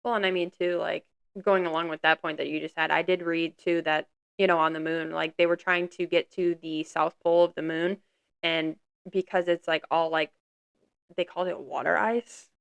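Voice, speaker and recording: Young woman with a gravelly low voice. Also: fairly even intonation, normal speed. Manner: frequent short agreeing replies, laughs easily. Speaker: podcast co-host. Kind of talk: casual podcast chat.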